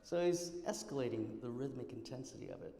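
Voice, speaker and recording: A man's voice: medium pitch, animated, moderate pace, vocal fry. Man coaching piano in a roomy hall. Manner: sings and scats rhythms loudly between quiet explanations. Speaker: piano teacher giving a masterclass. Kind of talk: coaching a student, counting and singing rhythms. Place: recital hall.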